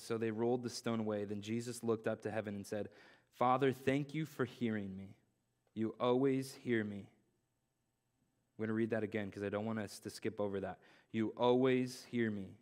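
A man's voice: mid-range voice, fairly bright tone. A young man, a pastor, preaching an earnest sermon, repeating key phrases and dropping in casual slang.

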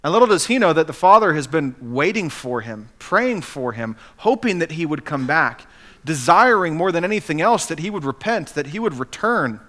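High-voiced, animated male preacher. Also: moderate pace. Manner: animated storytelling, emphatic. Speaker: pastor. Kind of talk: sermon.

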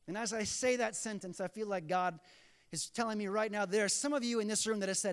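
A man preaching a sermon in a church, telling scripture scenes in an animated way. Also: high-pitched, a little fast, clean tone. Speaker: pastor. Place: church sanctuary. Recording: long reverb of a church hall.

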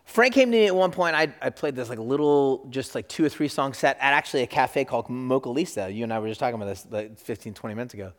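A man's voice: medium pitch, fast talker, few pauses. A middle-aged man telling a story in a sermon at a church service, acting out the people he quotes. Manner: animated storyteller, acts out quotes. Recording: long reverb of a large hall.

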